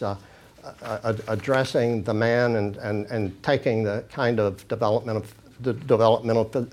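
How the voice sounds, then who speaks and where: A man's voice: mid-range voice, a little mellow. A man giving an informal lecture, reading passages from handouts and breaking off with many fillers and restarts. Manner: reads quoted passages then comments casually.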